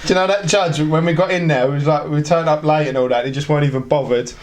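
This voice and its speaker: A man's voice: a little high, steady tone, quick pace. A man hosting a podcast, telling stories in a casual chat, often laughing, with lots of fillers. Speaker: podcast host.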